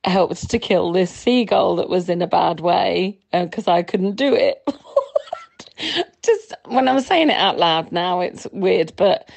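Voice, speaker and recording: A woman's voice: on the low side, lively intonation, slow pace, gravelly, darkish tone. A woman in her thirties calling into a podcast, telling a story chattily and laughing as she goes. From England. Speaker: caller. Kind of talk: voicemail anecdote.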